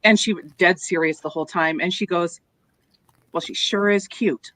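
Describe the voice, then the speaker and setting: A woman's voice: on the low side, steady tone, normal speed, fairly bright tone, no echo, poor audio. Middle-aged woman co-host, chatty storyteller, casual tone. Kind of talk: casual panel chat.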